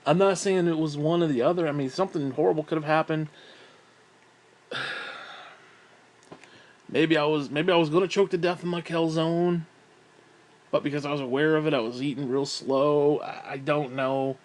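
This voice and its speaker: Young guy ranting on his vlog, kinda high voice, swears a lot, laughs and sighs between bits. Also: fairly even intonation, normal speed, pauses often, darkish tone. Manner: profane, rambling, laughs and sighs often. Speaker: vlogger. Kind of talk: rambling casual monologue.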